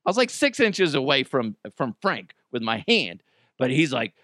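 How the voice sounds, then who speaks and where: A man's voice: normal speed, creaky, no echo, studio quality. A man hosting a podcast, telling a story in a casual monologue, acting out the people he quotes and swearing freely. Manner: animated, acts out quotes with big pitch jumps, swears freely. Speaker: podcast host.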